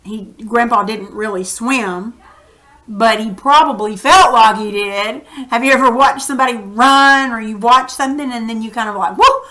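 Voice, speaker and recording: A woman with a slightly high voice speaks at a normal speed while teaching children a reading lesson. She's animated and acts out the quoted lines. The lesson is recorded on a computer mic.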